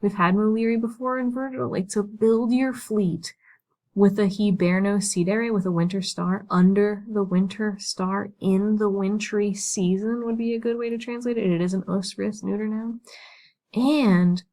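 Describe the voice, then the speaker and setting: A woman's voice: mid-range voice, steady tone, normal speed, mellow, rough recording. A woman teaching Latin, talking through the text casually and thinking aloud, with many "right?" and "like" fillers.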